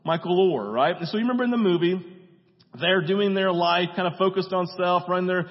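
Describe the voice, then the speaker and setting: A man preaching a sermon in a conversational way, often checking in with "right?" and briefly acting out movie dialogue. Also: high-pitched. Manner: acts out movie dialogue in quick voices. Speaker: pastor. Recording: dull sound with long hall reverb.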